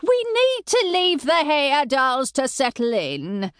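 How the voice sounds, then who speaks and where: A woman's voice: high voice, wildly swooping pitch, slow, fairly bright tone, no room sound, clean studio sound, pitched above the performer's own voice, full character voice. A woman doing a sugary, fussing mother. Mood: gushing. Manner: sugary, gushing, babbling. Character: fussy gushing middle-aged mother, woman. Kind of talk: audiobook character voice.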